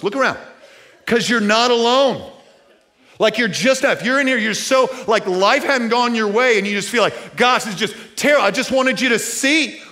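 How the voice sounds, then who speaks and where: A man preaching a sermon to a church audience in a casual, conversational way, full of fillers, swinging from loud to hushed. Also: on the high side. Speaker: pastor.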